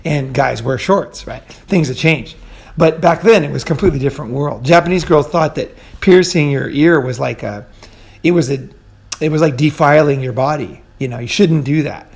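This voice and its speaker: A man's voice: on the high side, normal speed, vocal fry. A man hosting a show, telling stories in a loose, rambling way with lots of fillers, casual swearing and laughs at his own tales. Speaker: podcast host. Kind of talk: casual storytelling monologue.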